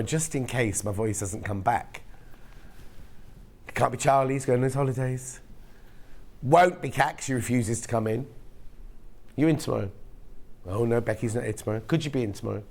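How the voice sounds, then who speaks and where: A man with a medium-pitched, croaky, gravelly, slightly mellow voice speaks a little fast with long pauses. Hosting a live shopping channel show while losing his voice, he presents sales, chatting and joking with viewers in self-mocking banter.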